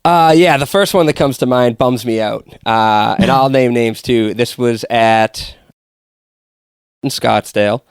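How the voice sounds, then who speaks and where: A man from Boston, a guest comedian, telling stories on a casual podcast in a rambling, deadpan way with lots of fillers. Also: medium pitch, unhurried, smooth, no room sound, clean studio sound.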